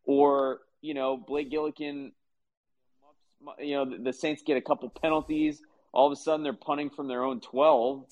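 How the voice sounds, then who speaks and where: A man co-hosting a casual sports chat, energetic and loose, sprinkling in fillers. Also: on the high side, moderate pace, vocal fry. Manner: energetic, uses filler like you know.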